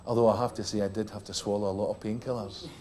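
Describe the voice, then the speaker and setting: A man's voice: on the low side, fast. Scottish man telling a rugby yarn. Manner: lively anecdote telling, acting out other voices. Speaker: rugby player telling a tour story. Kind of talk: comic after-dinner storytelling.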